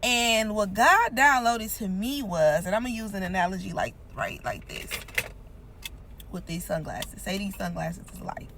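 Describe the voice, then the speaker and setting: A woman's voice: medium pitch, lively intonation, moderate pace, background noise. A woman giving an earnest, informal devotional teaching, repeating points for emphasis. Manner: earnest, repetitive, emphatic, conversational. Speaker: Christian content creator.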